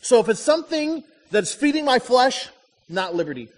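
A middle-aged man preaching a sermon as a pastor, telling stories with lively ups and downs and driving home short repeated lines. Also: very high voice, moderate pace, long reverb tail. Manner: animated storytelling with punchy repeated lines.

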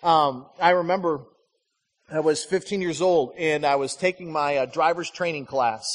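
A Michigan pastor preaches a conversational sermon in a large hall, telling stories and acting out the voices of people he quotes. His voice is on the high side at a normal speed.

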